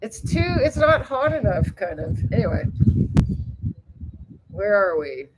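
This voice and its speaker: With a mid-range voice at a measured pace and background noise behind her, a woman chats at length with her live viewers, reading their messages. She's rambling and chatty, laughs often, swears in passing, and jumps up excitedly when greeting people by name.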